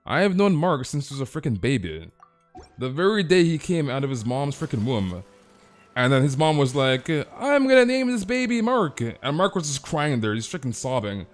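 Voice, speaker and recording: A man's voice: mid-range voice, expressive, moderate pace, faint music behind. A man streaming a game live, chatting casually with playful, teasing banter and calling viewers dude.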